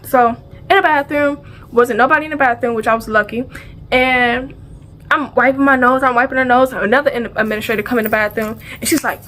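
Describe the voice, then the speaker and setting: Animated woman telling a story. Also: fairly high pitch, a little fast. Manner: animated, acts out sounds and dialogue; casual slang, repeats phrases. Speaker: vlogger. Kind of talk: storytime vlog.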